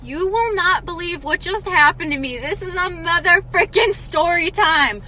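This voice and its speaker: Young woman, very high bright voice, gushing story time, faint background hum. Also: normal speed. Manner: excited, gushing. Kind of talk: casual story time video.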